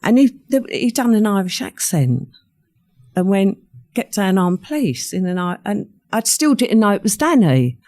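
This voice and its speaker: A woman's voice: medium pitch, very animated, normal speed, darkish tone. An older woman, a podcast guest recounting a personal story in conversation and acting out what others said. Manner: vivid storyteller who acts out what others said.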